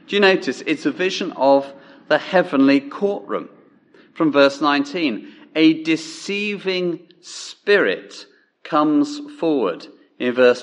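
A male preacher giving a sermon in a measured, emphatic way, dropping low on key words.

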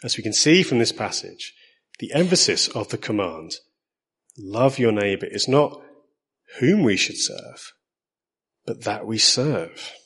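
Husky-voiced man preaching with an Essex accent. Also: lowish voice, sing-song, fairly bright tone. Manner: measured, earnest, slows to stress key lines. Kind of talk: sermon.

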